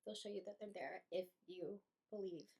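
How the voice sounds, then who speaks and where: A young adult woman, a medium, telling an emotional personal story to her viewers in a slow, heartfelt way. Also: medium pitch, fairly even intonation, darkish tone. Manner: slow, emotional, breathy with feeling, laughs between phrases. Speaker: medium and channel host.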